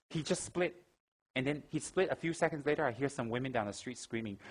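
A man giving a Buddhist teaching, telling stories in an animated way and acting out gasps and quoted lines. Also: medium pitch, quick pace, rough recording. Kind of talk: dharma talk with anecdotes.

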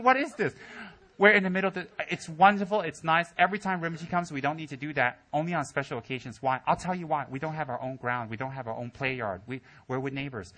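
A man giving a humorous Buddhist dharma talk to his students, telling stories and mimicking people in squealing voices. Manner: animated storytelling, mimics students in high squeals. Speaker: Buddhist teacher. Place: teaching center hall.

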